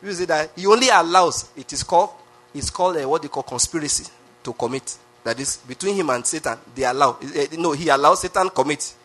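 Pastor guy preaching hard, high bright voice, repeats stuff, keeps asking the crowd questions. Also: fairly quick. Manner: emphatic preaching with repetition and rhetorical questions. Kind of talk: sermon.

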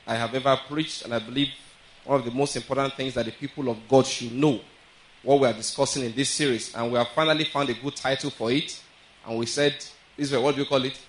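A man's voice: mid-range voice, fairly bright tone, rough recording. A man preaching a sermon, earnest and repetitive, often checking that his listeners follow. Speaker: pastor.

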